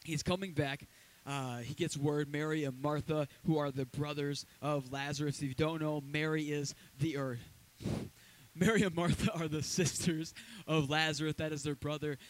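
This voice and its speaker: Man preaching in a church, slightly high voice, casual energetic delivery, conversational asides. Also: moderate pace, poor audio. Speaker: pastor. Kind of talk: sermon.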